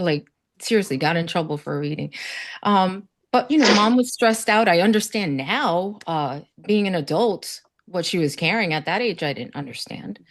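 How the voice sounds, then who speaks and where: A woman from South Florida on a panel, sharing earnest, faith-filled stories and acting out quoted voices. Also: on the low side. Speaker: summit panelist. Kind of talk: casual panel conversation.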